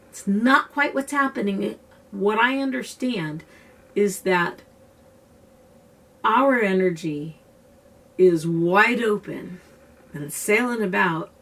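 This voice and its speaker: Husky low-voiced woman, set back from the mic. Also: recorded from a distance. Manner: earnest, conversational, loose with restarts. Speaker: self-described empath teaching a technique. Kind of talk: casual explanatory talk to camera.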